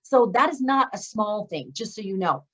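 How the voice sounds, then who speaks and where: A woman's voice: medium pitch, expressive, moderate pace, slightly rough, low-quality recording. A woman hosting a speaking course graduation over a video call, praising and encouraging her graduates effusively. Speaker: speaking coach and course host.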